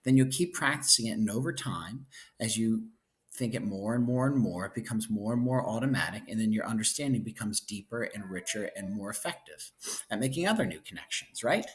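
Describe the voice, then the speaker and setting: A man's voice: on the low side, animated, brisk. A man teaching a casual lecture through a book chapter, chatty and playful, checking in with his students constantly. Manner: playful asides, enthusiastic about cute pictures.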